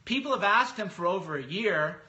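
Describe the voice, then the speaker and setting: Guy podcaster ranting casually, high bright voice, jumps into mocking impressions. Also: moderate pace, muffled recording. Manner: animated, mocking impressions of others. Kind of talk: casual monologue.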